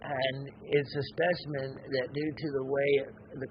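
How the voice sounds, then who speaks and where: A man hosting a gem and mineral show, talking in a slow, rambling, reflective way with many pauses and fillers. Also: mid-range voice, flat delivery, dull audio, slight background noise. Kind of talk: unscripted educational show talk.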